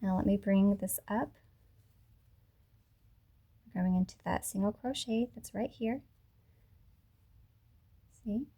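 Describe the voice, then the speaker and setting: Woman teaching crochet on camera, soft mellow voice, patient and slow with each step. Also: mid-range voice. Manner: patient, talks through each step slowly, self-correcting. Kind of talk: tutorial instruction. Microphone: camera mic.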